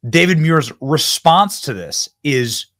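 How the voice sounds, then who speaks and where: A man's voice: on the high side, lively intonation, slow pace, a bit bright, dry recording, clean studio sound. A man hosting a reaction commentary channel, talking back at news clips in an indignant, mocking way.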